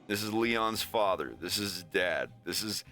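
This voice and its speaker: A man's voice: sits low, a little slow, bright, forceful tone, soft background music. A man streaming casually, talking in a rambling, profane way. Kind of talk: casual chat.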